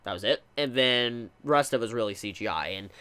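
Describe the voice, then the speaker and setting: An anime reviewer talks through a casual video rant in a pitch that swings wide, jumping between disbelieving questions and low, deflated remarks. The delivery is exasperated and repetitive, with stammered restarts and repeated words. The voice sits at a middle pitch. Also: lively intonation, brisk, fairly bright tone, clean tone. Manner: restarts and stammers while thinking aloud.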